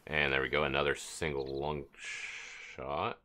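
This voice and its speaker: A man's voice: very deep voice, unhurried, a little hiss or hum. A man streaming a hunting game, chatting casually and reading out viewer messages as he plays. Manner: relaxed, chatty, reads out viewer chat. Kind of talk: casual live-stream commentary.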